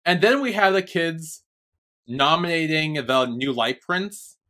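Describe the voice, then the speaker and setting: A man's voice: a little high, lively intonation, a little slow, bright, forceful tone. A young man co-hosting a podcast, chatty and retelling scenes with frequent swearing. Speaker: podcast co-host. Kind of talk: casual chat.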